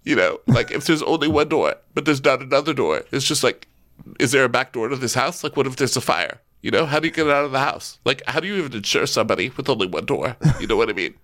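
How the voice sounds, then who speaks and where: A man doing a falsetto impression of a weepy, rambling middle-aged reality TV woman, spilling run-on questions. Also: animated, quick pace, a bit bright, natural voice. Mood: rambling worried.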